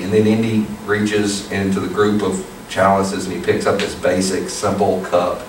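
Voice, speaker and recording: A male pastor with a low voice delivers a conversational sermon, retelling a story and inviting his congregation to answer. He is picked up from a distance in a reverberant church. Room ambience sits clearly behind him. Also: monotone, normal speed, hardly any pauses, a little hiss or hum. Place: church sanctuary. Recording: echoey hall, distant mic, room ambience.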